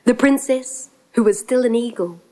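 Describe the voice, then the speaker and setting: With guitar playing in the background, a female storyteller recites a folk tale in a dramatic, rhythmic way and whispers when the tension rises. She speaks at a normal speed in a slightly high voice; the recording is low quality.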